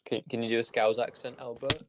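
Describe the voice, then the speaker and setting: A man's voice: medium pitch, level tone, brisk, noisy background. A man chatting casually while playing a game with friends, joking and trailing off with fillers. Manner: joking, hesitant, many fillers. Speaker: co-player. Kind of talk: casual gaming chat.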